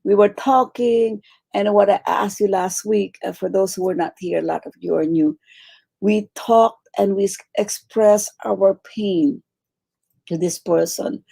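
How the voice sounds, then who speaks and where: Woman teacher running a meditation session, mellow darkish voice w lots of fry, repeats stuff to drive it home. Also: mid-range voice, measured pace. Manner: warm coaching, repeats phrases, acts out quoted pleas. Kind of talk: teaching a guided meditation class.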